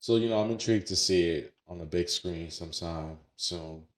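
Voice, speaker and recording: Deep-voiced laid-back podcast guy. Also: normal speed. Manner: relaxed, lots of "like" and "yeah". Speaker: podcast co-host. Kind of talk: casual chat.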